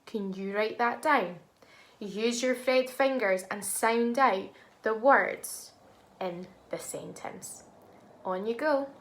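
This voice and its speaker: A woman teaching a phonics lesson to young children, speaking slowly and clearly and sounding out words in an encouraging way. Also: a little high. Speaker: primary school teacher.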